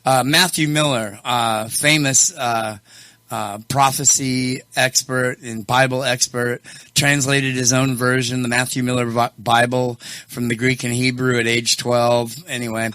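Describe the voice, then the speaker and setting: A male show host chatting casually and telling stories, animated and quick to laugh. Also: mid-range voice, dry recording. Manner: laughs often, animated, tells stories with voices. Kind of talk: casual chat and storytelling.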